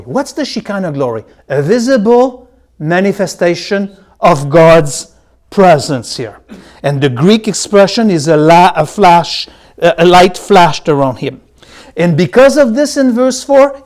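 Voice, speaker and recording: A man teaching a Bible study, slowing to spell and repeat key words and swinging between loud emphasis and quiet asides. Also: sits high, very animated.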